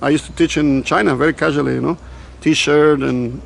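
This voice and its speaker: A man's voice: a little high, steady tone, normal speed, creaky, slight background noise. A man from Africa, telling personal stories casually, swearing freely and drifting off on tangents. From South Africa. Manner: swears freely, digresses, retells dialogue. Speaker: vlogger. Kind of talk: casual storytelling.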